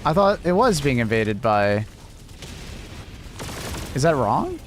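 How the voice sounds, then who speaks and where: A man's voice: medium pitch, sing-song, slow, slight background noise. Chatty man on a gaming livestream. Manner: chatty, laughs often, talks to chat and his cat. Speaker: livestreamer reading chat. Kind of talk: casual livestream chat.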